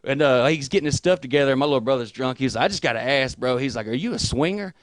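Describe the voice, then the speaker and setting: A man, a guest comedian telling a profane, animated story in casual podcast talk. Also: mid-range voice, very fast, no echo, clean studio sound. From Alabama. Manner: profane, animated retelling with acted quotes.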